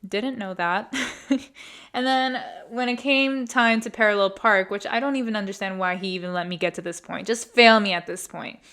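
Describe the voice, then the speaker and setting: A young woman in her twenties talks through a story on her podcast, candid and chatty, swearing freely as she goes. Her voice is bright and forward, and sits at a middle pitch. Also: normal speed. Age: 20s. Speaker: podcast host. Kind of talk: casual storytelling monologue.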